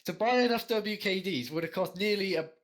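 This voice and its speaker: A young man with a high voice co-hosts a casual podcast chat, speaking a little fast. He rambles as a storyteller, swears a lot, and laughs frequently.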